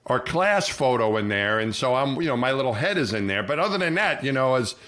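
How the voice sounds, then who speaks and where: A middle-aged man tells a long, rambling story on a podcast, circling back and restarting his sentences. His voice sits at a middle pitch and gets animated whenever he quotes other people. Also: fairly quick. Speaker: podcast co-host, former astronaut. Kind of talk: casual storytelling chat.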